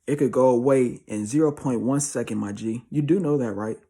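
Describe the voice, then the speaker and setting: A man's voice: medium pitch, a little fast, dark tone, breathy edge. A young man giving a slangy, emphatic motivational monologue, repeating himself for stress. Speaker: motivational speaker.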